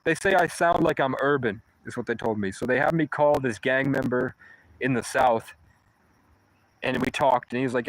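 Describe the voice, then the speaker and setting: A man's voice: mid-range voice, moderate pace, slight background noise, poor audio. A homeless man telling a long story casually, rambling and swearing, with many false starts. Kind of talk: casual first-person storytelling.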